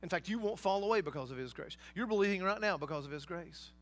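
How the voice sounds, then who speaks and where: High-voiced preaching man, emphatic. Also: lively intonation, fast talker. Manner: emphatic preaching with asides and rhetorical questions. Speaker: pastor. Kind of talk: sermon.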